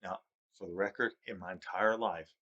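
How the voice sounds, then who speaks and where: A man's voice: fairly even intonation, normal speed, bright, forceful tone, dull audio. A man telling rambling stories about fishing trips, repeating himself, chuckling as he goes, and raising his voice to quote others. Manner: raises his pitch when quoting others. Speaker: storyteller recounting fishing trips. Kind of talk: rambling personal storytelling.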